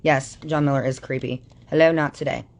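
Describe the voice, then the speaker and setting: A woman's voice: a bass voice, fairly even intonation, brisk. A woman on a livestream delivering an angry, profanity-laden rant that calls people out. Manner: furious, swearing constantly, calling people out.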